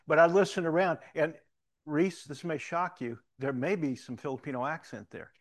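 A man's voice: fairly high pitch, moderate pace. A man in his sixties with a Southern-tinged Missouri accent, giving a folksy, anecdotal talk from the front of a church. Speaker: church leader.

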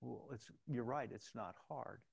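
A middle-aged man delivers a sermon like a pastor talking to his flock, voice gravelly and low in the throat. He restarts sentences often and swings from loud, lively storytelling to quiet, hushed appeals. The sound is dry, with no room around it. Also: a little slow, no room sound.

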